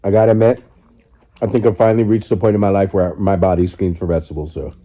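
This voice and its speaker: A man in his forties sits on his living room couch eating and talking into his phone for a casual mukbang vlog. His voice sits low with a level tone and a mellow quality, and he talks fast, reflective and candid, often restarting his sentences loosely. The recording sounds lo-fi.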